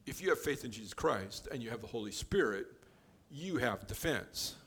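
A man of ordinary pitch walks his listeners through scripture in an easy, conversational teaching voice. He explains each verse plainly and drops in the odd offhand joke. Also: normal speed, breathy edge. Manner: relaxed and explanatory, with offhand joking asides. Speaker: Bible teacher.

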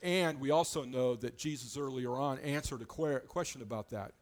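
A man's voice: medium pitch, normal speed. Plain-spoken male pastor preaching. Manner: conversational, plain-spoken preaching with frequent restarts. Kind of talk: sermon.

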